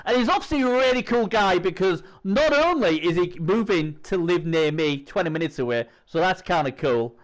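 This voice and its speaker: Bloke in his 40s hosting a stream, kinda high voice, bouncy sing-song delivery, rambles a lot. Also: lively intonation, normal speed, few pauses. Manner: rambling and chatty, with bantering asides. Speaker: stream host. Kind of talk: casual chat.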